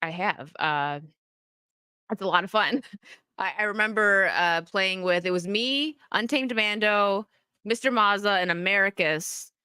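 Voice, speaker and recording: A woman's voice: mid-range voice, measured pace, sharp tone, smooth, dry recording, clean studio sound. A woman hosting a casual livestream, chatting with viewers, reading their messages aloud and laughing often as she talks. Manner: chatty and upbeat, laughs often, frequent restarts. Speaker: livestream host reading chat. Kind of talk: casual chat.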